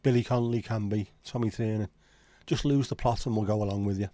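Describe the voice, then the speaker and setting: Hosting a casual livestream, a man with a Liverpool accent rambles through his opinions fast, swearing frequently. His fairly low voice is mellow and steady, with no echo.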